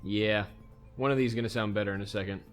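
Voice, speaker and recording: A man's voice: lowish voice, steady tone, quick pace, faint music behind. A man hosting a let's play, casually thinking aloud as he plays a strategy game. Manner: easygoing, thinks aloud while playing. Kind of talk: casual gameplay commentary.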